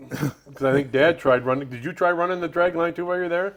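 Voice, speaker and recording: A man's voice: fairly high pitch, very fast. A man, a grandson in the family, reminiscing in a casual conversation and laughing along. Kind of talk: casual chat.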